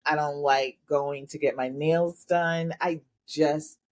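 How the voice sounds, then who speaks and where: A middle-aged woman co-hosting a podcast, chatting casually in a reflective, measured, candid way. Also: low-pitched, fairly even intonation. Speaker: podcast co-host. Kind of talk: casual chat.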